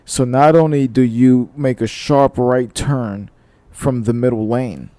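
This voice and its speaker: A man's voice: medium pitch, no room sound. A man co-hosting a podcast, casual and laid-back in chat, swearing as he tells a story. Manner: laid-back, swearing, shifts from mumbled asides to animated telling. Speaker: podcast co-host.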